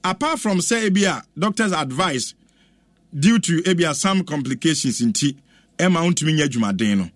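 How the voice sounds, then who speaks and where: A man with a Ghanaian accent presenting a lively radio chat, exclaiming and chanting as he reacts. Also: a little high, moderate pace, no room sound. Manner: animated, exclaims and chants, mixes English with Twi.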